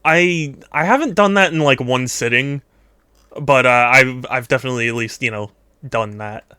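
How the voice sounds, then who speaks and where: On a live stream, a man takes art requests and chats loosely while drawing, his voice smooth, clear, and sharp-toned at medium pitch and moderate pace. He rambles, laughs readily, and trails off mid-thought, recorded close and dry with no room sound.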